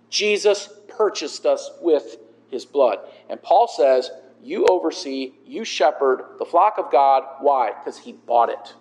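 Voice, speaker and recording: A man's voice: on the high side, animated, slow, a little mellow, big-room sound, low-quality recording. A man, a pastor, preaching an expository sermon, emphatic and repeating key phrases, asking the congregation questions and answering them. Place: church sanctuary.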